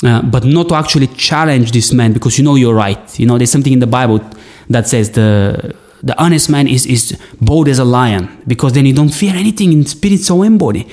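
A man's voice: mid-range voice, brisk, darkish tone. A man sharing an emotional personal story in an earnest, searching way, with many restarts. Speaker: guest.

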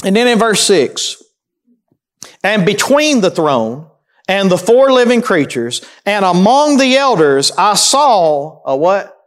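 Preacher, man, high voice, emphatic teaching sermon with call-and-answer questions. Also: very animated, slow. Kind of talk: sermon teaching through scripture.

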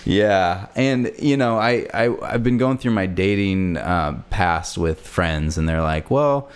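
Rambling low-voiced male podcast host. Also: fairly even intonation, slow, smooth. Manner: rambling, self-deprecating, lots of fillers. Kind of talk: casual podcast chat. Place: hot apartment with a fan running.

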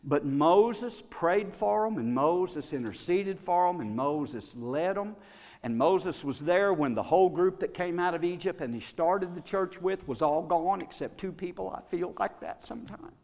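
A man preaching a sermon as pastor, swinging between loud bursts and quiet asides. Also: sits high, animated, measured pace. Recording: long reverb of a large hall.

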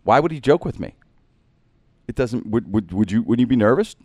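Speaking at a moderate pace with a medium-pitched voice, a middle-aged host tells a long humorous tale in relaxed conversation, lively and joking as he acts out what others said. The sound is clean studio audio with no room sound.

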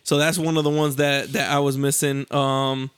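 A man's voice: medium pitch, little pitch movement, normal speed, fairly bright tone, clear, resonant tone. A young man hosting a casual chat among friends, loose and laughing, swearing often.

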